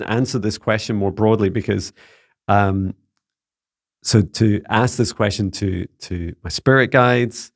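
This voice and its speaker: A Scottish man with a lowish, gravelly voice answers viewer questions in a relaxed Q&A. He talks in an earnest, halting way, often restarting his phrases. The sound is close and dry. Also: dry recording. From Scotland. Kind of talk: casual spoken Q&A.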